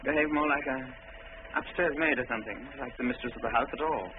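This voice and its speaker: An actor playing a brisk, breezy upper-class husband in a 1940s film drama, teasing and quick to scold. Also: male voice, mid-range voice, noisy background, lightly acted. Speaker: husband and master of the house. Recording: tinny old film soundtrack under music.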